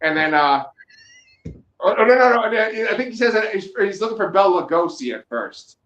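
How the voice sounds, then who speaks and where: Man, podcast co-host, casual chat, fairly high voice, profane and joking, echoey room. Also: moderate pace, highs cut off. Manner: profane, joking, animated storytelling.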